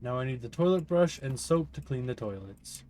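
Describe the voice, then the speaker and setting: A man's voice: mid-range voice, expressive, normal speed, mellow. A man giving casual gameplay commentary with dry, offhand remarks. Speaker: let's play host.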